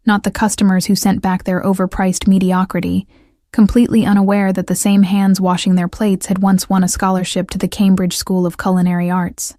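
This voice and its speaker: Even-voiced woman narrating a story. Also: mid-range voice, dry recording, clean studio sound. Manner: even, measured storytelling delivery. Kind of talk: scripted first-person story narration.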